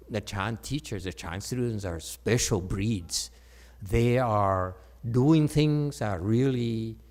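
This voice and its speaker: A man giving a Chan meditation Dharma talk, checking in with frequent "okay?" tags and restarting phrases, his voice jumping up when he makes a point. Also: mid-range voice. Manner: animated, voice jumps up when emphatic.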